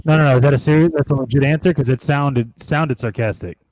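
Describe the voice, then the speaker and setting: A man's voice: medium pitch, fast talker, a little mellow, poor audio. A man chatting as a guest on a video call panel, easygoing and teasing. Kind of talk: casual panel chat.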